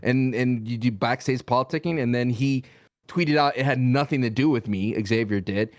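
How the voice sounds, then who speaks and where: A man's voice: mid-range voice, normal speed, darkish tone. A man co-hosting a casual wrestling podcast, joking and laughing often, with exaggerated comic outbursts. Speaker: podcast co-host.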